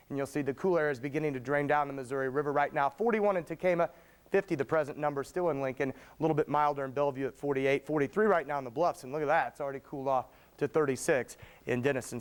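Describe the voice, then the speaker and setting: Fast-talking TV weatherman. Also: fairly high pitch, clean tone. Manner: brisk, upbeat forecaster patter. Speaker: chief meteorologist. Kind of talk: live TV weather forecast.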